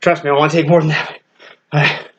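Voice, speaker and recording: A man's voice: fairly high pitch, level tone, fast talker, lo-fi sound. Man, fitness instructor, mid-workout, counting reps, punching sounds, breathing hard. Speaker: martial arts fitness instructor. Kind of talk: workout instruction while exercising.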